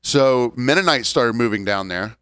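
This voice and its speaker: A man in his forties with a smooth, resonant voice, joking and ranting as he co-hosts a casual podcast. His stories wander with a loose, easy rhythm. The recording is dry and close to the mic. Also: mid-range voice, expressive, fairly bright tone, no room sound. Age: 40s. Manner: joking, ranting, drawn-out storytelling. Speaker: podcast co-host. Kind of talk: casual chat.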